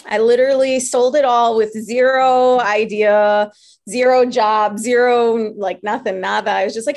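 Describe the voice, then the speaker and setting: A woman's voice: fairly high pitch, measured pace. A woman from New York telling her story casually, acting out voices and laughing often. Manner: animated, acts out her own and others' voices in quotes; laughs often while talking.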